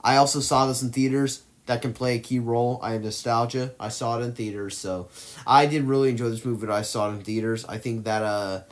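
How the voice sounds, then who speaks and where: A man's voice: medium pitch, fairly even intonation, a little fast. Rambling man ranking movies. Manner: rambling, hesitant, often corrects himself mid-sentence. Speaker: movie tier list vlogger. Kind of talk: casual ranking commentary.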